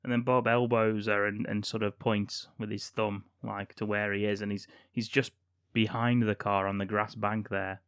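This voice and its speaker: A man's voice: lowish voice, little pitch movement, normal speed, a bit bright, clean tone, no echo. A man co-hosting a podcast, casually recounting a film's plot with dry, sweary asides. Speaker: podcast co-host. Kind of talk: casual film recap chat.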